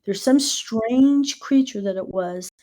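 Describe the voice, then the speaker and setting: American lady podcast host, middle-aged, warm mellow voice, chatty and animated, spells words out. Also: fairly high pitch, takes it slowly. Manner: animated storyteller who spells out words letter by letter. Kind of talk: casual podcast chat.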